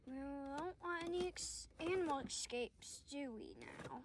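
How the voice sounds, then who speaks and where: A woman with a high, light voice narrates a toy-barn scene, chatting as she goes. She talks slowly and easily. Steady noise hums behind her. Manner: chatty, thinks aloud. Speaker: toy video creator playing a horse owner. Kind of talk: casual toy play narration. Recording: noisy background.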